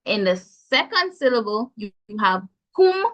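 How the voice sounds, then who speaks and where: A woman's voice: on the high side, very animated, measured pace, a bit bright. A woman with a Jamaican accent teaching pronunciation in an online class, encouraging and spelling out sounds with care. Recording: dull lo-fi call audio.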